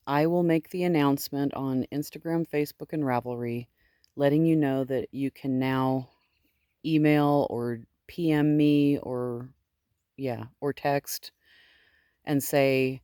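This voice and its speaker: A woman's voice: deep voice, slow pace, pauses often, dark tone, no room sound, studio quality. A woman sheep farmer chatting casually outdoors in her sheep pen, cooing baby talk to her animals in between. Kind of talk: casual vlog talking to animals.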